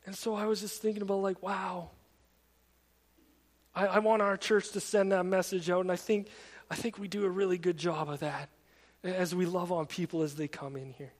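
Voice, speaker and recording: A man with a high voice delivers a sermon as pastor, his delivery flat and his pace moderate. The sound carries the long reverb of a large hall in the church sanctuary, and his preaching is earnest, conversational storytelling.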